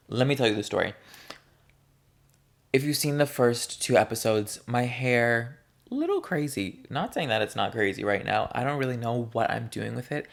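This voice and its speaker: Playful and candid, a young vlogger rambles through a casual monologue aimed straight at the camera, drawing out his words in a gravelly voice of middle pitch.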